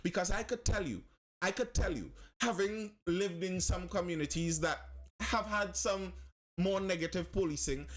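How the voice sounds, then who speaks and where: A man hosting a live-stream commentary. He talks with passion, repeats phrases for emphasis and answers viewers' comments as he goes. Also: sits high.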